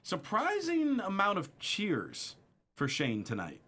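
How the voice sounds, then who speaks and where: Animated bright-voiced male co-host. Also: high-pitched, slow, breathy edge. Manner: animated, laughs often while recapping. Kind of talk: casual recap chat.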